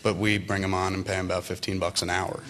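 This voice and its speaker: A man's voice: sits low, fast, very noisy. A man in his thirties telling casual, profane anecdotes to a live audience at a university event, acting out the other people in his stories. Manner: profane, animated, acts out others' lines.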